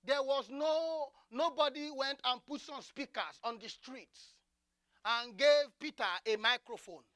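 Preacher, sermon, praying in tongues, repetitive fervent bursts, crisp bright tone. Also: sits high, unhurried, dry recording, studio quality.

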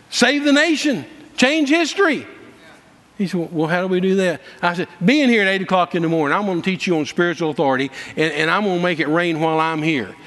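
A man preaches a story with a high, bright voice, folksy and dramatic, stumbling over repeated words and shouting out the lines he quotes. His voice rings through a large hall with long reverb. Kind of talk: storytelling sermon.

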